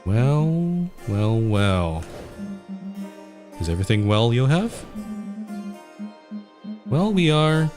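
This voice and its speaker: A man's voice: on the low side, pitched above the performer's own voice. A man voicing a brash, cocky male envoy in a game with a swaggering, theatrical delivery.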